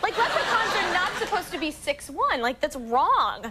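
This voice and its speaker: A woman's voice: very high-pitched, big pitch swings, moderate pace, over a noisy crowd, very noisy. A woman talking as an actress guest on a talk show, giggly and chatty with many fillers, in a television studio. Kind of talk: casual talk show chat. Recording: old VHS broadcast tape.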